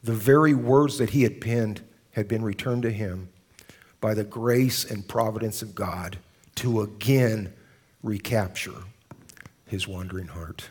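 A man preaching a sermon to a congregation, telling a story earnestly and slowing down to stress key phrases. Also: lowish voice, darkish tone, breathy edge. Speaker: pastor. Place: church service.

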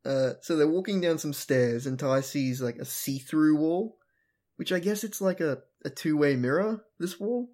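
A woman's voice: deep voice, normal speed, dark tone. A young adult woman hosting a podcast, recapping an episode bluntly with swearing and mockery. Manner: blunt, swears, mocking, does funny voices. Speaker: podcast host.

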